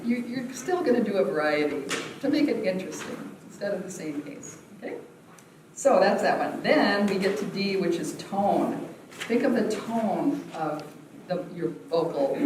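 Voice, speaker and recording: A woman's voice: fairly low pitch, a little mellow, slight background noise. A woman leading an acting workshop, teaching voice exercises, laughing often and acting out sounds. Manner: demonstrative, laughs often, acts out vocal exercises. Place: large echoey theatre room. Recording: echoey room from far off.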